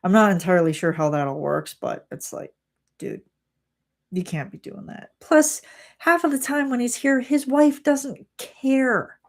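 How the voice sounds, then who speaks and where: A woman's voice: on the high side, a little slow. A young woman on a livestream chat, animatedly retelling an exasperating workplace story and acting out what people said. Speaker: streamer.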